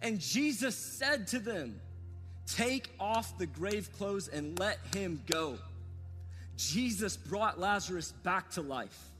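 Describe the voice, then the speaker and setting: A man preaching an earnest, repetitive sermon, speaking straight to his listeners in a high, bright, ringing voice. He is recorded with a long hall reverb, and soft music sits faintly underneath. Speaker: pastor.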